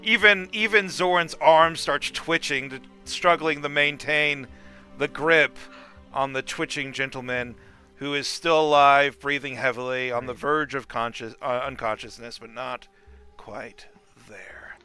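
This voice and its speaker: A man narrating as game master of a tabletop game, animated and laughing often. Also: a little high, measured pace, clear, resonant tone, soft background music.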